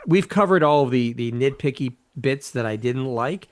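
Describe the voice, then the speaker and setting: A man chatting casually about a film trailer as a guest, hesitant and measured, often restarting his sentences. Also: mid-range voice, expressive. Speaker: podcast guest. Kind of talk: casual chat.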